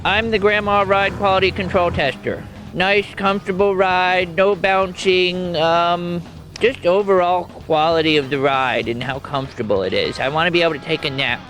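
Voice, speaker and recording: A man voicing a cranky old grandmother who rides along in a fast car, talking in a shrill, quavering, fussy way. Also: low-quality recording. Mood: prim. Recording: loud music behind the voice.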